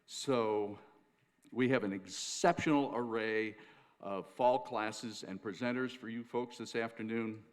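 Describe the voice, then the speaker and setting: A man speaking as president of a learning organization, giving a halting welcome speech from a stage with many fillers and restarts. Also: on the low side, steady tone. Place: auditorium stage.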